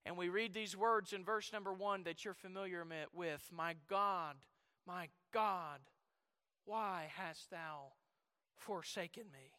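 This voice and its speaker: High, bright-voiced preacher in a reverberant hall. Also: male voice, slow pace, long pauses, clear, resonant tone. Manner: swings between loud shouted passages and quiet, low-voiced reflection; reads scripture in old-fashioned Bible phrasing. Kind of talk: sermon.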